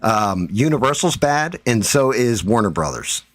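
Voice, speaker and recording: A man's voice: medium pitch, lively intonation, measured pace, a bit bright, no room sound. A man hosting his own livestream, ranting in a profane, defiant and heated way. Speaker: livestream host.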